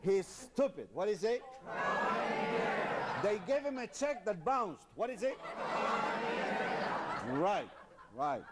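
A man's voice: sits high, a loud crowd. Man mock-teaching a rowdy comedy lesson. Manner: deadpan teacherly, slow exaggerated pronunciation drills. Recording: noisy live comedy recording.

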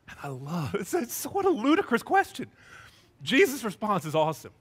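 A male pastor preaching a sermon, telling the story in an animated way and acting out the scenes. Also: sits high, fairly quick, breathy edge.

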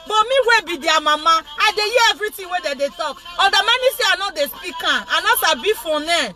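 A middle-aged Nigerian woman speaking Pidgin-tinged English, hosting a casual live chat with her viewers in an animated, repetitive way. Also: very high voice, brisk, hardly any pauses, over music. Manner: animated, repetitive, laughing often. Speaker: vlogger, show host.

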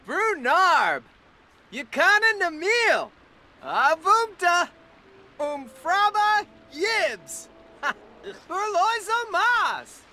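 A chirpy gibberish-talking game character. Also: female voice, extremely high pitch, very animated, very slow, pauses often, bright, forceful tone, full character voice. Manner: speaks playful invented gibberish, often laughing. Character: cheerful game character giving a gibberish speech.

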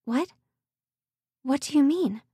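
A woman voicing an anxious young stepsister who asks worried, hurried questions, pitched above her own narrating voice. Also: animated, warm tone, no room sound, studio quality.

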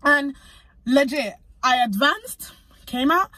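A young British woman, a physician associate student, telling a story in a chatty, animated vlog. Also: high-pitched, takes it slowly, dry recording. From United Kingdom. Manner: chatty and animated, acts out conversations.

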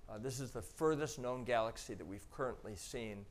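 A man gives a talk to an audience and explains pictures on slides one by one. His tone is casual and chatty, and he adds small asides as he goes. His pitch sits in an ordinary middle range for a man. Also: normal speed. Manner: conversational, explaining step by step with frequent "um" and "you know". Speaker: astronaut giving a public talk.

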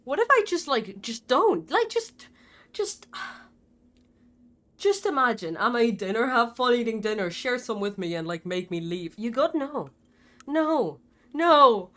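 A young woman streamer talks through a game live in a bright, high voice. Her pitch leaps wildly as she yelps at scares, then sinks into low, cursing mutters. The delivery is jumpy and loose. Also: big pitch swings, moderate pace. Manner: jumpy and swearing, swings from shrieks to mumbles. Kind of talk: live gameplay commentary.

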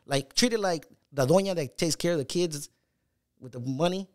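Man telling a rough story, swearing. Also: fairly high pitch, normal speed. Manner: animated storyteller, acts out phone calls, swears a lot. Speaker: rapper guest. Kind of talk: casual storytelling chat.

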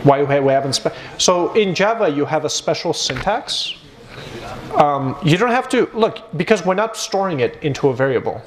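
A man teaching a university computer science class, talking lively and joking with his students. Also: fairly high pitch, normal speed, crowd noise. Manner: lively, switches between English and Armenian, jokes with students. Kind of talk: live classroom lecture. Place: university lecture hall. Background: students in the room.

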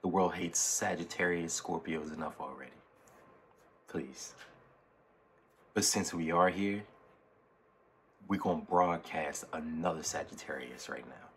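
A man hosting a music reaction video, talking casually and getting excited, often repeating himself. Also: deep voice, measured pace, long pauses, a little hiss or hum. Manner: excitable, talks over the track, repeats himself. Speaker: reaction channel host.

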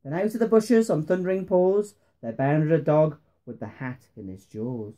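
A father reads a rhyming bedtime story to his son in a soft, mellow voice. He keeps a bouncing rhythm and slows down for the suspenseful moments. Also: fairly high pitch, muffled recording.

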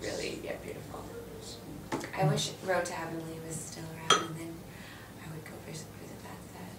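A woman's voice: sits low, little pitch movement, fairly quick. A woman, a guest actress, chatting casually in an interview, laughing often and hesitating with fillers. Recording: roomy with distant mic and background noise.

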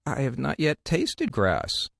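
Brief: timid fable lamb, mournful and pleading, pitched up by a male narrator. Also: wildly swooping pitch, takes it slowly, gravelly, fairly bright tone, no room sound, studio quality, full character voice. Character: meek young lamb.

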